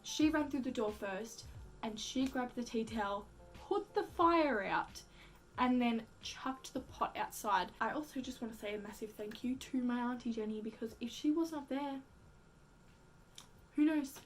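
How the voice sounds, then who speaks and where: Speaking at normal speed in a fairly high voice, a young female vlogger chats through a story with soft music behind her. Expect plenty of "like," acted-out dialogue and casual swearing.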